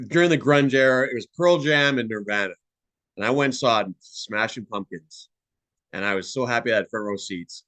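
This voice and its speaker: A man rambles casually about bands and artists, his sentences full of "like" and "you know". He talks at a middling pitch, and the recording sounds dry and close. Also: a bit bright, dry recording. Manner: rambling and chatty, often saying "like" and "you know". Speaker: podcast guest, musician. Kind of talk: casual conversation.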